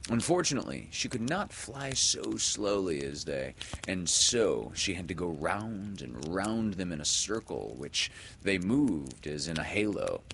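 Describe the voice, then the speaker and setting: A man narrating a children's story aloud in an expressive, dramatic way. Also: low-pitched, unhurried, vocal fry, a little hiss or hum. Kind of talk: audiobook storytelling.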